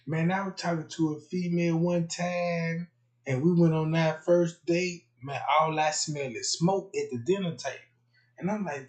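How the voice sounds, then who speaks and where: Comedic livestream host, man, higher voice, animated profane storytelling, hushed to loud. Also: normal speed.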